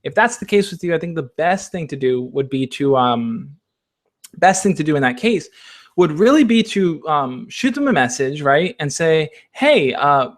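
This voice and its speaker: A man with a slightly raised voice hosts a relaxed Q&A stream. He gives encouraging, coach-like advice and keeps checking in with the people listening. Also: on the high side, moderate pace. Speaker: advice channel host. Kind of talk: casual Q&A livestream.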